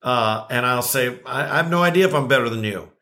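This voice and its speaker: A man's voice: mid-range voice, fairly quick, bright, forceful tone. An older man who preaches on campuses, talking casually in a reflective, self-deprecating way. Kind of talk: casual conversation.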